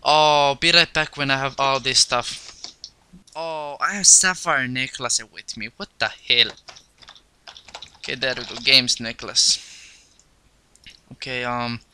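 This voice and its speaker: A young man giving excitable, crude commentary over his gameplay. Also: medium pitch, slow, pauses often, a little hiss or hum. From Finland. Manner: excitable, crude trash talk. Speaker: gaming video host.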